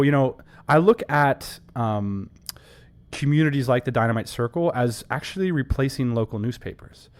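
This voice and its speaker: A man co-hosting a casual business podcast, talking emphatically and enthusiastically with quick asides. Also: medium pitch. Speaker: podcast co-host.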